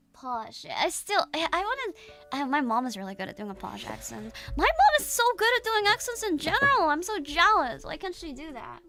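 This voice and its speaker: A young woman chats casually to her stream audience, trailing off and restarting often. Her voice is bright and a little high for a woman. A soft music bed plays quietly behind her. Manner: rambling and hesitant, many restarts and fillers. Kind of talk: casual chat to viewers.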